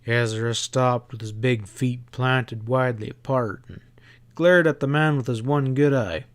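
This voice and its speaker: A man narrating a western novel as an audiobook, telling the story in a measured, even way. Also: mid-range voice.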